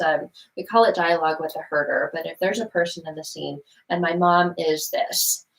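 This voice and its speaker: A woman guest explaining therapy techniques in conversation, animated and expressive, swearing casually. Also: on the low side, rough recording. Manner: animated, acts out example scenes, swears casually.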